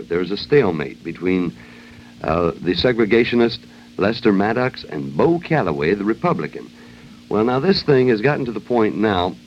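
A male radio host riffs through a joking monologue in a fairly low voice with a lively, wandering melody. His delivery is wry and loose, full of asides. The sound is dull and lo-fi, with a faint hiss behind it.

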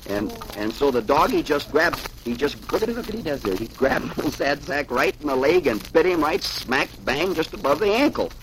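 A man reads the funny papers aloud to children as the show's host. He is chatty and animated, chuckles as he goes, and turns aside to talk to his listeners. His pitch swings widely from line to line, and faint noise sits behind him. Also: moderate pace, hardly any pauses. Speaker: host reading comic strips to children.

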